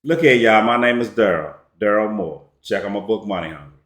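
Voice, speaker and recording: A man's voice: on the low side, brisk, fairly bright tone. A man giving a casual storytelling monologue as a relationship commentator, slangy and emphatic. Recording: echoey room.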